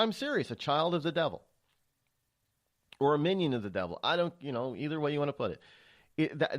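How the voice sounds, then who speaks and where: A man hosting a political talk radio show, rambling and stammering through a monologue with many restarts. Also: mid-range voice.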